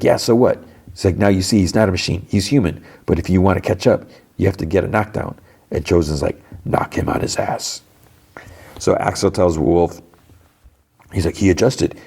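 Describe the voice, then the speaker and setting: A man hosting a podcast, casually retelling a show episode blow by blow with lots of fillers and quick self-corrections. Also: sits low, creaky, a little mellow, husky. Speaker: podcast host. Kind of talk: casual play-by-play episode recap.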